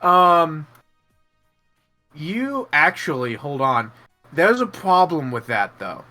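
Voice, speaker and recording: A man running a tabletop game, rambling and laughing as he narrates and slips into quick side characters. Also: on the high side, big pitch swings, sharp tone, faint music behind. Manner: rambling, laughing, lots of fillers and restarts. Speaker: game master. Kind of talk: narrating a tabletop game, voicing NPCs in passing.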